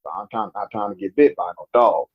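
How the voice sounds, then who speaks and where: A man from Louisiana telling about a night encounter in an interview, halting and restarting as he acts out the dialogue. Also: on the low side, big pitch swings, vocal fry, highs cut off. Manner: slow, halting storytelling with restarts and acted-out dialogue. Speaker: guest telling an encounter story. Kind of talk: storytelling interview.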